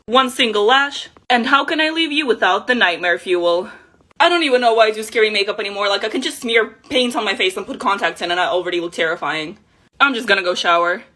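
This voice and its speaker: A woman's voice: on the high side, bright, forceful tone. A young woman chatting playfully and casually to viewers as she talks through her own makeup. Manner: playful, chatty, self-mocking. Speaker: makeup creator. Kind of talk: casual vlog narration.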